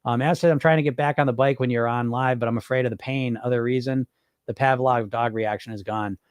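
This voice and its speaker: A man's voice: medium pitch, fairly even intonation, fairly quick, clean tone, dry recording, clean studio sound. A middle-aged man hosting a live podcast stream, chatting loosely and reading viewer comments aloud with many fillers and restarts. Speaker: podcast host answering live chat. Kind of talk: casual live-stream talk.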